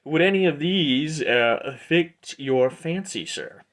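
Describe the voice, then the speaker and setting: A cheerful traveling merchant greets his customers in a hearty, drawn-out, salesy voice, pitched a bit higher than plain talk, as a man puts him on. He sounds eager to please in this tabletop game. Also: animated, a bit bright, full character voice. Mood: jovial. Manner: hearty, slow and showy. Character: jovial bushy male merchant, cheerful and salesy.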